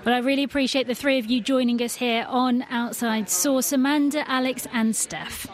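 A woman hosting a radio news programme, moving the guests along briskly and reading links. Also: sits high, fairly even intonation. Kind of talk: broadcast presenting.

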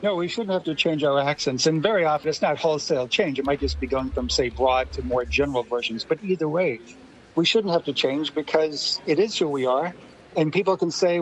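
A man speaking as a linguist guest in a radio discussion, quick and emphatic as he argues his point. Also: a little high, rough recording.

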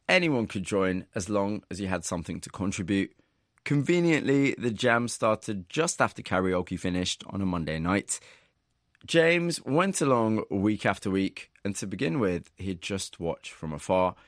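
A man narrating and interviewing in a calm, measured, scripted way. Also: on the low side, no echo, clean studio sound.

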